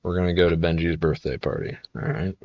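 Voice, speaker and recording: A man's voice: sits low, fairly even intonation, fast talker, a little mellow, lo-fi sound. A man in his twenties chatting casually on a live stream, telling rambling, profane stories full of fillers and restarts. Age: 20s.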